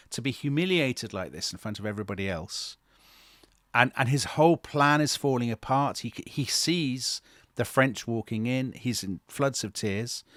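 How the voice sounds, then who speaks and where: A man co-hosting a history podcast, retelling events in a dramatic, animated way. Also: fairly low pitch, no echo, clean studio sound. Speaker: podcast co-host. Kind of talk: storytelling history chat.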